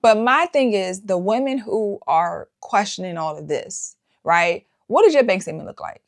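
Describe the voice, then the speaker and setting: A woman's voice: mid-range voice, expressive, normal speed. A woman hosting a commentary show, talking casually and peppering her points with rhetorical questions. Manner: rhetorical, keeps asking "right?". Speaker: host. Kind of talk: commentary on social media clips.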